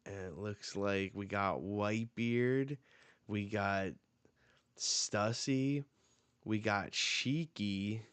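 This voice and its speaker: A man's voice: fairly low pitch, extremely slow, a bit bright, clean tone, dry recording. A man hosting a live reaction, reading comic dialogue aloud and reacting as he goes. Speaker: manga reaction host.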